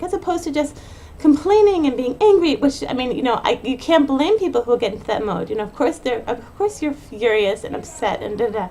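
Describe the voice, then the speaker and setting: A woman's voice: a little high, dark tone, a little hiss or hum. A woman hosting a pep talk for mothers, speaking earnestly off the cuff and often restarting her phrases. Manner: earnest, repeats and restarts phrases, rushes in bursts. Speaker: podcast host giving a pep talk to mothers. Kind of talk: unscripted monologue.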